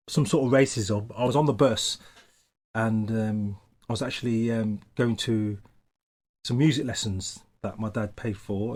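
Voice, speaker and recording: Hesitant man recounting a memory. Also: mid-range voice. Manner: hesitant, many "um"s, grows animated. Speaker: interviewee. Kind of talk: documentary interview recollection.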